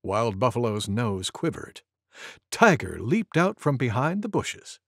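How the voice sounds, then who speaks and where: A man reading a children's storybook aloud as a friendly male goose storyteller, in a slow, very lively sing-song way. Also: mid-range voice, dry recording, studio quality. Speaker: storybook reader. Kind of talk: children's read-aloud narration.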